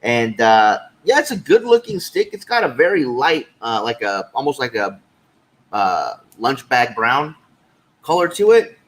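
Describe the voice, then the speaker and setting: A man co-hosting a podcast in casual chat, his voice at an ordinary middle pitch. He talks in a relaxed, easygoing way, full of "uh" and "um" as he thinks aloud. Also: a little slow, rough recording. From California. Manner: relaxed, chatty, with many fillers. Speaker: podcast co-host.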